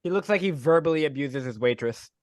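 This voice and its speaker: A man player in a tabletop game, cracking quick jokes and rolling dice. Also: on the high side, animated, a little mellow, no room sound. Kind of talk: casual play chat.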